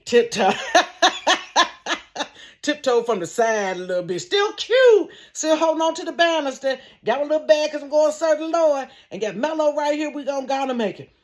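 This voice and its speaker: A woman telling a funny personal story in a casual vlog from her bedroom, animated and laughing, acting out sounds. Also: high-pitched, normal speed. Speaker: storyteller vlogger.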